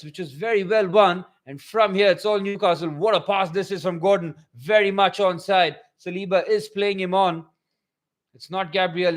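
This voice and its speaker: Excitable man doing live match commentary. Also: sits high. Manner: excitable, swings from calm to loud bursts. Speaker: watchalong commentator.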